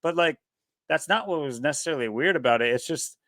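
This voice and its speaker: A man co-hosting a podcast in casual chat, talking in a rambling, animated way. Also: fairly high pitch, fast, no echo, studio quality. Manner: rambling, animated, laughs often. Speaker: podcast co-host.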